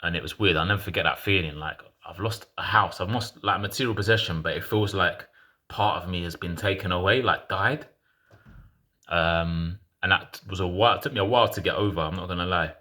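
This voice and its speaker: A man's voice: low voice, brisk, pushed and bright. A man in his thirties casually telling a personal story in frank, slangy talk full of restarts.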